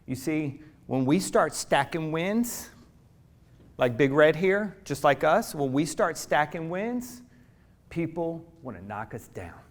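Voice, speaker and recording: A middle-aged man giving a motivational keynote, telling a story dramatically, swinging from hushed asides to loud preacher-like calls to the audience. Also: on the high side, big pitch swings, takes it slowly. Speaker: motivational speaker.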